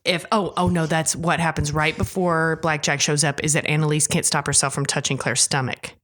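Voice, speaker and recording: A woman's voice: low-pitched, brisk. Profane, jokey woman podcaster. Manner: profane, jokey, animated storytelling. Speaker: podcast co-host. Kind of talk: casual chat recapping a show.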